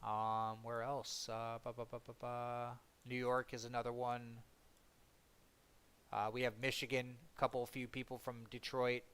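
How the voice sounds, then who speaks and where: A man's voice: medium pitch, monotone, unhurried, fairly bright tone, clean tone. A man from Ontario streaming a game, chatting casually and rambling while he answers viewers' comments. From Ontario, Canada. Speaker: gaming streamer. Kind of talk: casual chat with live chat while gaming.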